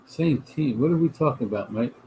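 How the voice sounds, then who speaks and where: A man's voice: medium pitch, expressive, brisk, mellow, a little hiss or hum. A middle-aged man hosting a casual livestream chat, rambling and talking back to viewer comments. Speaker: host of a livestream chat show.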